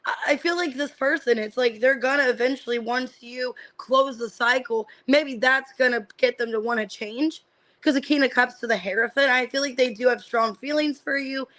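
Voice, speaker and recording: Bright-voiced woman reading tarot cards. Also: sits high, normal speed, poor audio. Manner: casual, thinking aloud, lots of "I feel like" and "like"; names cards one by one, then interprets. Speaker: tarot reader. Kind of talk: live-streamed tarot reading.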